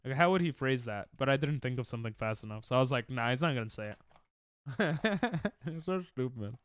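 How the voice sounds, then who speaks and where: A man's voice: mid-range voice, animated, a little fast, smooth. Coughing, sick young man streaming a game. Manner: casual, jokey, reads and answers chat. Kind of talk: live-stream gaming chat.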